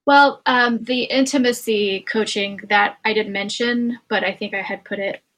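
A woman's voice: medium pitch, steady tone, moderate pace, a bit bright, poor audio. A woman who is a guest on a podcast, speaking hesitantly with many filler words. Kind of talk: conversational interview.

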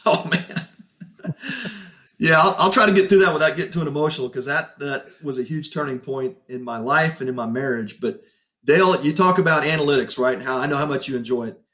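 A middle-aged man telling a personal story in an interview, animated and laughing often. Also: on the high side, a little fast. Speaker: guest.

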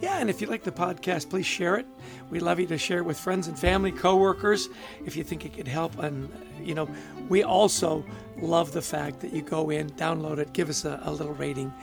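A man co-hosting a podcast in casual chat, upbeat and quick to laugh. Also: on the high side, vocal fry, music in the background. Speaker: podcast co-host.

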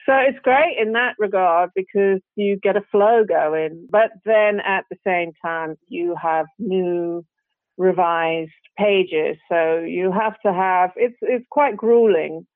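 A woman's voice: lowish voice, no room sound. British woman chatting over a tinny line. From Britain. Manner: chatty and rambling, full of "you know" and restarts, quick to laugh. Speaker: guest actress. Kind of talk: casual interview chat. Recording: dry, tinny phone-like call audio.

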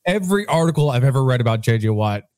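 A man's voice: medium pitch, animated, rapid-fire, a little mellow, smooth, no echo, clean studio sound. A man chatting casually and cutting in with jokes. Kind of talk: casual chat.

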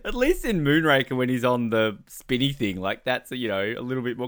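A man co-hosting a podcast, giving a joking, animated commentary on a film and laughing often. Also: medium pitch, brisk, hardly any pauses. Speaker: podcast co-host. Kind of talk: casual film commentary chat.

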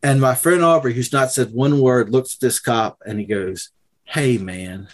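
Young man, casual storyteller, foul-mouthed and animated. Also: medium pitch, moderate pace. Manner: profane, animated retelling with quoted voices. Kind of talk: casual chat, telling a story.

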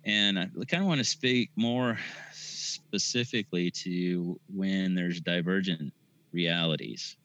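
Male podcast guest, very low-pitched, thoughtful and halting delivery. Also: a bit bright, highs cut off. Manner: thoughtful, halting with many fillers. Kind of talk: casual spiritual discussion.

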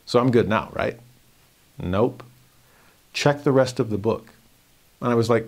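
A man's voice: fairly low pitch, unhurried, creaky, pauses often, slightly rough. A man, a religion teacher, giving a personal devotional talk and acting out his own inner dialogue as he tells the story.

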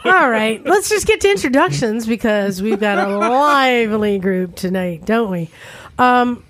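A woman's voice: a little high, lively intonation, fairly bright tone. A woman hosting a podcast in casual chat. She teases the others and keeps the introductions moving, in a garage studio. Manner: teasing, brisk, runs the introductions. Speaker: podcast host.

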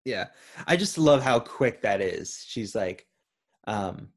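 A man's voice: fairly low pitch, moderate pace. A man co-hosting a casual movie chat, earnestly retelling scenes, with lots of ums and likes. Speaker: podcast co-host.

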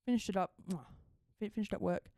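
A young Australian woman co-hosting a podcast and telling a story in casual chat. She talks in an animated way, laughs often and swears freely. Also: mid-range voice, fast talker, no echo, studio quality. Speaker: podcast co-host.

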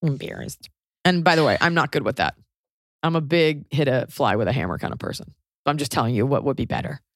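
A woman's voice: very deep voice, animated, a little fast, dry recording, clean studio sound. A woman in her thirties co-hosting a podcast in casual chat, blunt and joking, often acting out the voices of the people she quotes. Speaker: podcast co-host.

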